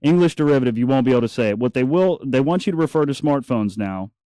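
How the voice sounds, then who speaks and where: A man's voice: mid-range voice, expressive, quick pace, mellow, clean tone, no room sound, clean studio sound. A man hosting a talk radio show, chatty and opinionated with joking asides. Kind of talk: casual talk radio monologue. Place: radio studio.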